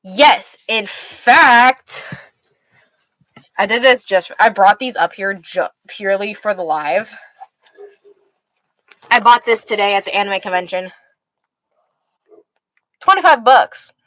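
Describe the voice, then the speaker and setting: A woman's voice: mid-range voice, expressive, takes it slowly, pauses often, a bit bright, no room sound, rough recording. A tired young woman hosting a livestream, chatting casually and rambling with many restarts as she answers her chat. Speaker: livestream host reading chat.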